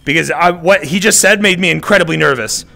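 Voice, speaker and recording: A male streamer giving casual gameplay commentary, excitable and swearing as he talks back to the game. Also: fairly high pitch, fast, creaky, slight background noise.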